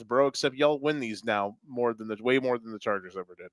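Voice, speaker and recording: A man co-hosting a sports podcast, talking fast and animated with swearing and jokes. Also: medium pitch, no room sound. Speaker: podcast co-host. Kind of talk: excited sports talk.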